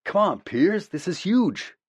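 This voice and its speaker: A man voicing a young male football player who is excited, brash and tactless. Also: mid-range voice, brisk, dry recording, voice pushed up. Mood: eager.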